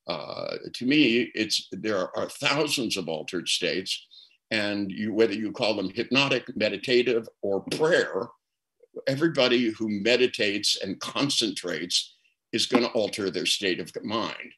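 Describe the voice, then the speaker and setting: An older man, a guest therapist in an interview, tells reflective stories and often repeats words as he starts a thought. His fairly low voice is animated and a bit bright, with a measured pace, on a rough recording.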